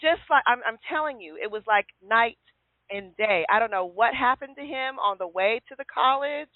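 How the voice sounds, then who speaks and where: A woman's voice: fairly high pitch, moderate pace, no echo. Woman host on a tinny phone line. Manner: lively storyteller who acts out quotes. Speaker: show host. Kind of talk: casual call-in radio chat.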